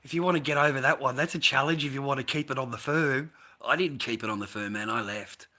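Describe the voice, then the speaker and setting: A fast-talking Australian man with a medium-pitched, sharp-toned voice. As a vlogger recounting a long story, he rambles through a casual monologue, profane and repetitive, calling the listener mate and bro.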